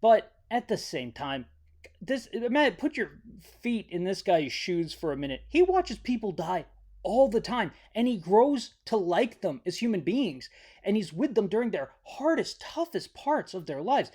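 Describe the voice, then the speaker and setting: A host with a medium-pitched, slightly mellow voice that swings widely in pitch goes a little slowly through a horror film's plot from memory. It's a comedic recap: rambling and jokey, with tripped-over words and self-corrections.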